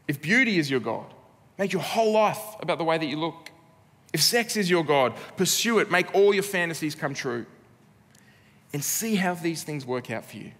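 A man's voice: fairly high pitch, expressive, a little fast, fairly bright tone. An Australian man preaching a sermon as pastor, earnest and laced with dry humour. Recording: long reverb of a church hall.

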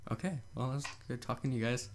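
A man giving casual, excitable gameplay commentary, laughing and swearing as he plays. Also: mid-range voice, quick pace. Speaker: gaming video host.

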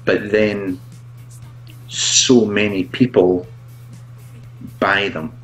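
A man who reviews products, chatting as a guest in a halting, self-mocking way and laughing often. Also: lowish voice, level tone, a bit bright, faint music behind, low-quality recording. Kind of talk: casual video chat.

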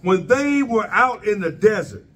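A man preaching a sermon in a high, unhurried voice, asking rhetorical questions of the congregation. He sounds set back from the microphone. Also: animated, a bit bright, recorded from a distance, slight background noise.

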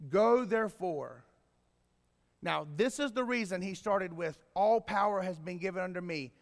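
A man preaching a sermon as pastor, swinging from quiet explaining to loud emphatic bursts. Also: sits high, normal speed. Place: church sanctuary. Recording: long reverb in a church hall.

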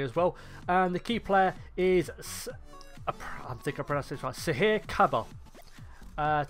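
A young man giving casual, rambling commentary on a football management game, often correcting himself and cracking jokes. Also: fairly high pitch. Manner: chatty, rambling, self-correcting, jokey. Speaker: gaming YouTuber.

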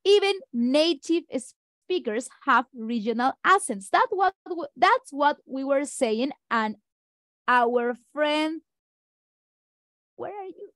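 High-voiced woman, teaching. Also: expressive, fairly bright tone, no room sound. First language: Spanish. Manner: brisk, speaks fast, addresses colleagues directly. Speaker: teacher trainer. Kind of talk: online teacher-training lecture.

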